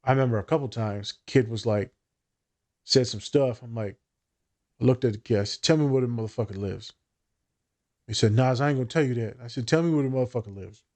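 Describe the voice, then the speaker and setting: A man's voice: medium pitch, a little fast, pauses often, darkish tone. A man co-hosting a casual podcast chat, telling blunt, profane stories about his work as a therapist.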